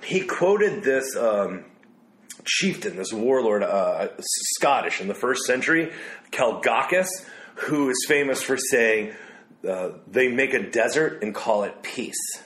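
A man co-hosting a casual discussion show, reflective and quick to laugh as he reads quotes aloud. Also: mid-range voice, animated, a bit bright. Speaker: podcast co-host. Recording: roomy echo.

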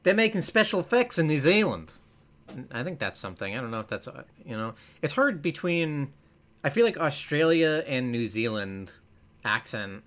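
A man's voice: mid-range voice, fairly bright tone. An American man co-hosting a podcast, rambling casually, stumbling over his words and trying out silly accents. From United States. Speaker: podcast co-host. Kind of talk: casual chat.

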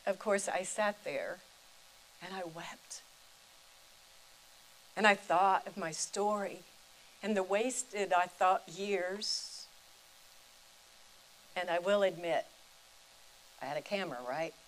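An older woman, a retired chaplain and preacher, telling a personal faith story in a deliberate, reflective way. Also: mid-range voice, a little hiss or hum, rough recording.

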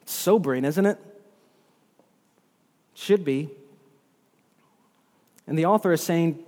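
A man's voice: fairly high pitch, slow pace, long pauses, warm tone. A man preaching a sermon as pastor, earnest and often repeating words as he works through scripture. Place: church hall. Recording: long hall reverb.

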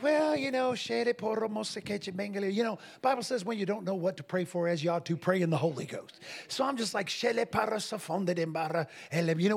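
A man telling a story in a casual, animated way, laughing often and restarting his phrases. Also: sits high, gravelly, breathy edge. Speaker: guest minister telling a story.

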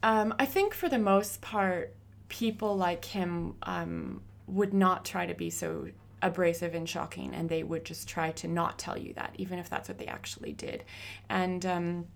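A woman in her thirties, a graffiti artist, telling stories in a casual interview with lively, laughing energy. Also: fairly low pitch, measured pace, creaky. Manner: animated, laughing storyteller.

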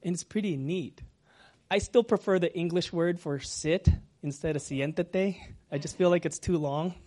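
A man preaching a sermon as pastor, talking gently and sometimes dropping to a whisper. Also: on the high side. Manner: slow, gentle, drops to a whisper at times.

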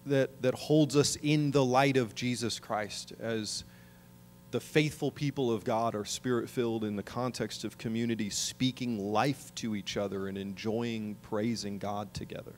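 Male pastor, middle-aged, earnest sermon delivery with emphatic peaks, mid-pitched voice. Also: steady tone, a little slow, slight background noise. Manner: earnest preaching, rising to emphatic calls.

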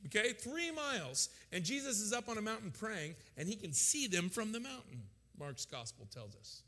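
A man preaching a sermon to a congregation, animated and joking with the crowd. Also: high-pitched, normal speed, big-room sound. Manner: animated, jokes with congregation, acts out voices. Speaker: pastor.

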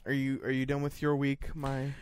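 A man's voice: medium pitch, monotone, normal speed. A man co-hosting a casual podcast chat, talking hesitantly with lots of filler words. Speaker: podcast co-host.

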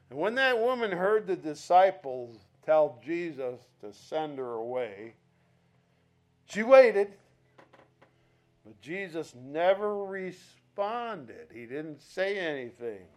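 Man, pastor, sermon, slow deliberate delivery, storytelling. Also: sits high. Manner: animated storytelling, acting out voices, slow emphatic delivery.

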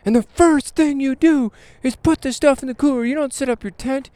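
A man's voice: very high voice, fairly quick, mellow, no room sound, pitched above the performer's own voice. A tense, grumpy young campground host, put on by a man in a raised, strained voice. He rants in short, exasperated bursts. The voice sits well above the man's own. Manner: terse, exasperated ranting.

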